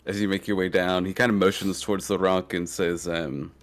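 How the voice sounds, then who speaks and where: A man's voice: sits low, flat delivery, a little fast, hardly any pauses. A man narrating as game master of a tabletop game, loose and full of fillers.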